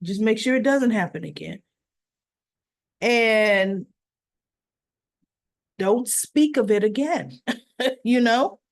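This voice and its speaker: Slow-talking chatty woman recapping. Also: on the high side, no room sound. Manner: animated retelling, acts out quotes, chatty asides. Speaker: soap opera recap host. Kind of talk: casual recap commentary.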